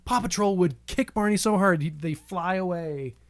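A podcast co-host in casual banter, riffing with quick jokes. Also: medium pitch.

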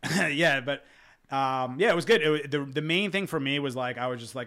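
A man's voice: medium pitch, brisk, bright, forceful tone. Rambling, cussing man hosting a podcast. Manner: rambling, heavy on fillers, swears freely. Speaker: podcast host, dog trainer. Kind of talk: casual chat.

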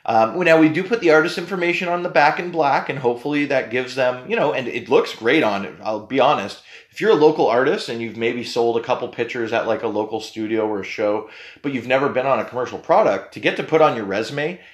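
A man's voice: medium pitch, a little fast. A man hosting a casual podcast, rambling and joking at his own expense. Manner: rambling, joking, self-deprecating. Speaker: podcast host and tea company owner. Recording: roomy echo.

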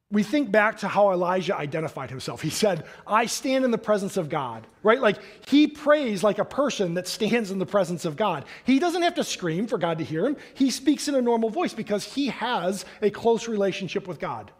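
Reading scripture first, a high-voiced pastor then preaches in a loose, animated, conversational way. He addresses the congregation like a friend, tossing in quick casual asides.

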